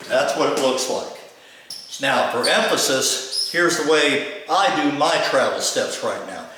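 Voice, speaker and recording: A man's voice: medium pitch, animated, unhurried, sharp tone, slight background noise. An older man teaching step aerobics moves, calling out each step as he demonstrates. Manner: coaching, calls out step moves. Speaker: fitness instructor. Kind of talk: instructional demonstration. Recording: echoey room, distant mic.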